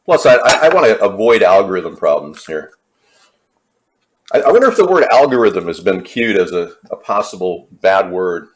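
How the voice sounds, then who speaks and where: A man from Hollywood, California, hosts a cooking livestream from his home kitchen, rambling to his chat in conspiratorial asides. His deep voice is very animated and moderately paced, and the kitchen sounds echoey with faint clatter.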